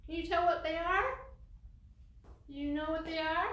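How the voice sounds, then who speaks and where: Children's librarian, female, high and unhurried, reads aloud and sings with kids; echoey room, far mic. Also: dull audio. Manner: slow, expressive read-aloud to children, sings nursery songs. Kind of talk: children's story time reading and singing.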